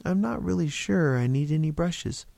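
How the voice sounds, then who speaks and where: A man voicing a kindly older mother who speaks politely and gently. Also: fairly high pitch, expressive, normal speed, creaky, no room sound, voice pushed up.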